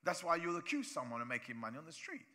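A male pastor from preaching a sermon in church, animated, acting out voices of people he talks about. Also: fairly high pitch, fast talker.

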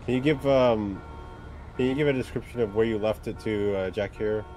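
Low-voiced man as a calm cop. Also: moderate pace, low-quality recording. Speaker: police officer in role-play. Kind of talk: in-character game role-play.

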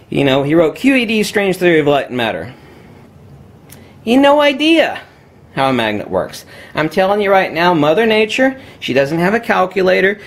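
A man giving an unscripted, emphatic talk while demonstrating magnets, addressing viewers as kiddies. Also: fairly high pitch.

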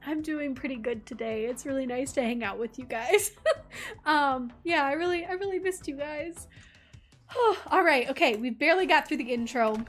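A woman's voice: sits high, moderate pace, a bit bright, faint music behind. A woman streaming a game, chatting in a bubbly, giggly way and reading the game text aloud. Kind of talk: casual let's-play chat with chat.

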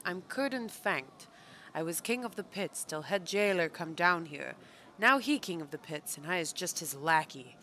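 A woman's voice: fairly low pitch, expressive, moderate pace, pushed and bright, slight background noise. A woman voicing a cowed male lackey from a fantasy game, a former pit king who talks in broken, verbless sentences. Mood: gruff. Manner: broken grammar, dropped verbs.

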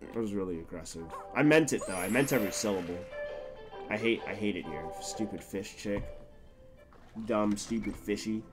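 A man streaming a video game live, reacting loudly and crudely and talking back to the characters on screen. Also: lowish voice, normal speed, music in the background. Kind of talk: live gameplay commentary.

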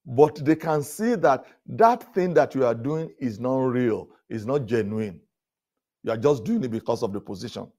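A male pastor giving a leadership talk at a conference, telling stories with chuckles and repeated words, often rising loud for emphasis. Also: mid-range voice, lively intonation, moderate pace. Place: conference stage before an audience.

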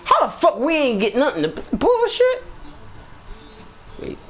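A man's voice: very high voice, huge pitch swings, unhurried, fairly bright tone, faint music behind, low-quality recording. A man chatting casually with a friend during an online game, profane and slangy, trading banter and blunt advice. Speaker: gamer in voice chat. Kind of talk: casual gaming chat.

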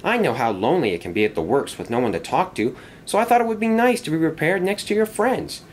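A man's voice: a little high, animated, quick pace, slight background noise, pitched above the performer's own voice, close to an everyday voice. A man doing a kind, cheerful young engine. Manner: friendly and earnest. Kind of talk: storybook character voice.

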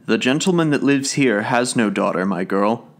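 A man voicing a plain-spoken house servant, gently turning a girl away. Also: mid-range voice, lively intonation, normal speed, natural voice. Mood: gentle.

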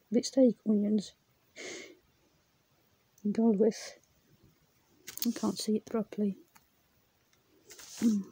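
Slow, husky woman reading vocabulary aloud. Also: a little high, dark tone, no room sound. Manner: repeats words, stumbles and laughs at herself. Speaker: language learner reading from her exercise book.

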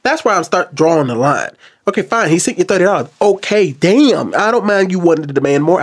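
A man commenting on a video clip to his viewers, jumping between loud outbursts and low, quiet asides. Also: animated, fairly quick, breathy edge. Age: adult. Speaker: reaction commentator. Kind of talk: casual commentary to camera.

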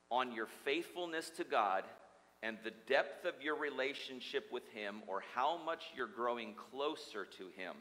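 A man's voice: mid-range voice, bright, forceful tone. A man preaching a sermon as pastor, telling a funny story and joking with the congregation. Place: church sanctuary. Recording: long hall reverb.

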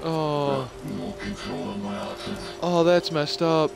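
Excitable swearing young gamer guy. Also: fairly high pitch, drawn-out words, music in the background. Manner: excitable, swearing, reacting out loud. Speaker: gameplay streamer. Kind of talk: live let's-play commentary.

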